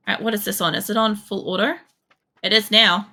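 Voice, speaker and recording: A young woman from Poland, speaking at medium pitch and a moderate pace with a sharp tone, streams a shooter game. She rambles casually as she plays, swears without restraint, and leans on lots of fillers.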